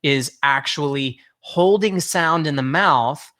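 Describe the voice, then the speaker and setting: Taking things slowly, a vocal coach with a slightly high, pushed, bright voice runs a singing workshop. He patiently explains to his listeners, speaking to them directly, and often corrects himself mid-word.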